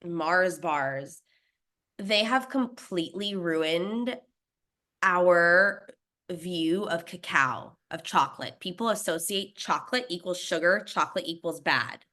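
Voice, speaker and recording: Her fairly low pitch and slow delivery carry the story of this young snack brand founder appearing as an interview guest. Talkative and laughing a lot, she weaves in lively quotes from others.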